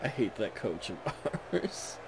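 A man's voice: fairly low pitch, sing-song, takes it slowly, vocal fry, noisy background. A young man commentating his own football video game, frustrated and ranting at the coach. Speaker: gaming commentator. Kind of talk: let's play commentary.

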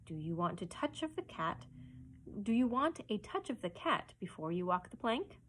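A woman voicing a theatrical, menacing grown male pirate captain who booms, sings and threatens silkily in a storybook reading. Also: big pitch swings, normal speed, fairly bright tone, slight background noise. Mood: silky menace. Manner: booming, sing-song, silkily threatening.

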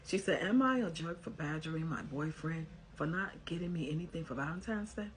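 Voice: mid-range voice, animated, a little fast, a little hiss or hum. An advice commentator, reading a post aloud and giving blunt, scolding commentary in a casual way.

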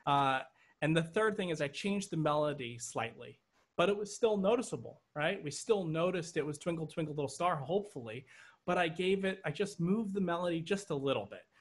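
A man's voice: a little high, expressive, a little fast. A man teaching an online drum lesson, explaining patterns step by step and checking in with "okay" as he goes. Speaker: drum instructor. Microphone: video call. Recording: drums loud behind voice. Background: drum kit playing.

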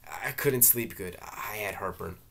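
Man doing a slow, laconic big neighbor. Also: fairly low pitch, vocal fry, full character voice. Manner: slow, flat, understated delivery.

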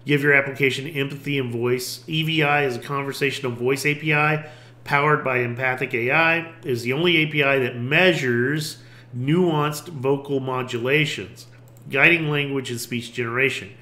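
A man's voice: mid-range voice, fairly even intonation, moderate pace, sharp tone, roomy sound. A man hosting a casual tech video, chatting and thinking aloud as he reads website text off his screen. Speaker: tech YouTuber host. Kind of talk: casual screen-share tutorial.

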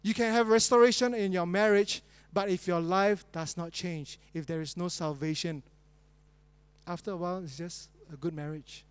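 A male pastor preaching a sermon with pauses and rising emphasis. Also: high-pitched, fairly even intonation, clear, resonant tone, dry recording. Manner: reads a spoonerism fairy tale as a joke, then preaches with pauses and rising emphasis.

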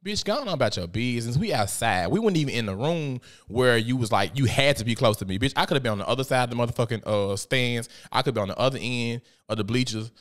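Podcast host, male, mid-range voice; blunt, profane, animated storyteller. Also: medium pitch, fast, hardly any pauses. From Memphis, USA. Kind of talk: casual podcast monologue.

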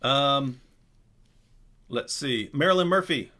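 A man's voice: medium pitch, expressive, takes it slowly, bright, forceful tone. A man hosting a live question-and-answer stream, talking casually and animatedly with frequent asides and restarts. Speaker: host.

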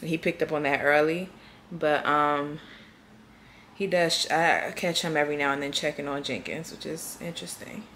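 A woman's voice: low-pitched, fairly even intonation, normal speed, fairly bright tone, reverberant, a little hiss or hum. A young woman vlogging in a casual, rambling way, with a congested voice. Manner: chatty, rambling with many fillers. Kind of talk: casual vlog chat.

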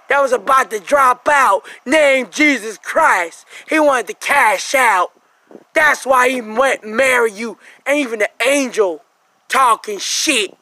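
An angry man rants in a very high, sharp voice with a gravelly fry at its edges. He curses and mocks relentlessly, repeating insults and flaring into shouts. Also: a little hiss or hum, rough recording. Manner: aggressive, repetitive cursing and mocking; bursts into shouting. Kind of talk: profane religious rant monologue.

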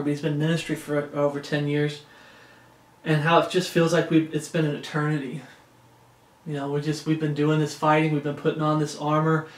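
Higher-voiced preacher in a roomy space. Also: male voice. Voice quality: conversational, frequent "uh" and "okay?" check-ins. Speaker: preacher leading a Bible study. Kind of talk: informal sermon with scripture reading. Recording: roomy echo.

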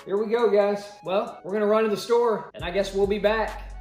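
Excitable man vlogging. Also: high-pitched, fairly quick. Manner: excitable, dramatic exclamations. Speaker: family vlogger. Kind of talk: casual vlog chat to camera. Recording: roomy echo with faint music.

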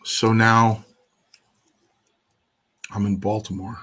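A man sits for an interview and tells a story casually. His voice is slightly low and husky. He brings his quotes to life by doing the other people's voices. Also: flat delivery, slow pace, bright, forceful tone. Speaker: interview guest.

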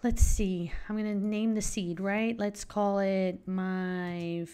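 Young female gamer, excitable, gasps, chatty commentary, mid-pitched voice. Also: slow pace, clear, resonant tone. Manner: gushing, gasping with excitement. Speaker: let's play gamer. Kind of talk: casual game commentary.

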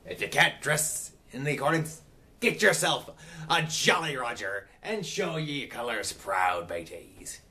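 A man's voice: mid-range voice, big pitch swings, a little slow, bright, forceful tone. A man running his own channel, talking in hammy pirate speak in a rambling, self-correcting casual vlog. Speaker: channel owner.

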